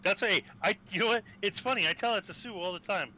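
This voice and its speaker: A man's voice: sits high, fast, bright, forceful tone, dull audio, a little hiss or hum. A man chatting casually over voice chat, teasing and laughing often. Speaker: friend in voice chat.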